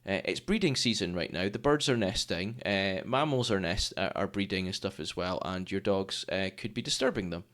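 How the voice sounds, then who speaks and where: A man's voice: deep voice, moderate pace, few pauses. A man co-hosting a casual nature chat, telling stories and acting out the people he quotes. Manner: animated storyteller, acts out quoted people. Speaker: podcast co-host.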